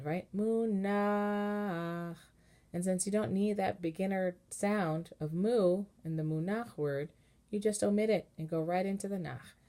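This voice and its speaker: Lower-voiced woman cantor teaching chant. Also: dark tone. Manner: patient, explanatory, breaks into short chanted phrases. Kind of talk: informal online lesson with sung examples.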